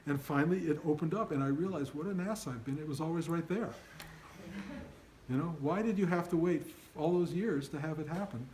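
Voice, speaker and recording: A man's voice: a little high, brisk, darkish tone, a little hiss or hum, poor audio. An older man giving an informal spiritual talk to his students, earnest and emphatic, often acting out their inner voices. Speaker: spiritual teacher.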